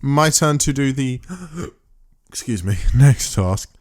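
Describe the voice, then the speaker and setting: A man chatting loosely on a podcast, his voice sitting in an ordinary middle pitch. He rambles, trips over his words and corrects himself often. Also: lively intonation, takes it slowly, darkish tone. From England. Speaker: podcast co-host. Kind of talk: casual chat.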